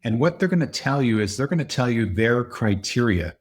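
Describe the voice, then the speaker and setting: A man's voice: lively intonation, fairly quick. Man explaining leadership in an interview. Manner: explanatory, acts out quoted dialogue with raised pitch. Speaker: podcast guest, leadership consultant. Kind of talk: conversational interview.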